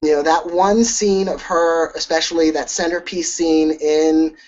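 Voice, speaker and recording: A man's voice: fairly high pitch, fairly even intonation, measured pace. A man co-hosting a casual conversation, weighing performances analytically, with frequent small restarts. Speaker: awards editor and co-host. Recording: dull lo-fi sound.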